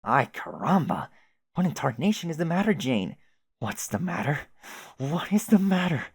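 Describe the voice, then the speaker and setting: A man's voice: medium pitch, sing-song, normal speed, vocal fry, breathy edge, no room sound, full character voice. A man voicing a chatty, oblivious young male adventurer who rambles with old-fashioned folksy exclamations. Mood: confused.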